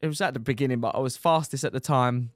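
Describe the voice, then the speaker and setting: A young man, a motorcycle racer telling his injury story on a podcast in lively, casual talk, swearing and dropping "mate" often. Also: mid-range voice, quick pace, no room sound, studio quality.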